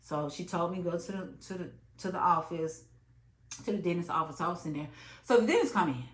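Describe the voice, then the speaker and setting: A woman in her late thirties telling an emphatic, animated story about her job in a vlog. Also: medium pitch, brisk. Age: late 30s. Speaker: vlogger. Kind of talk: storytime monologue. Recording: echoey room.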